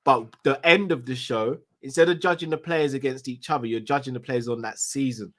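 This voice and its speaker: A man's voice: medium pitch, brisk, fairly bright tone. A man co-hosting a football fan call-in show, talking in an easygoing, chatty way. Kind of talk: casual chat.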